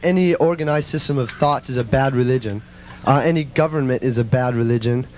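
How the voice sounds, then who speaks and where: A man's voice: medium pitch, brisk, a little mellow, a little hiss or hum, pitched below the performer's own voice, natural voice. A man doing an impression of a male punk musician, with a solemn, sloganeering delivery.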